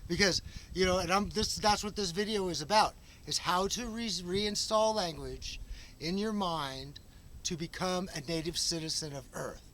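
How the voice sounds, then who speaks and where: A man with a high, bright voice rambles through an unscripted monologue. He restarts his sentences often and leans on fillers as he goes, his tone edged and forceful. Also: moderate pace, a little hiss or hum. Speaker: vlog host.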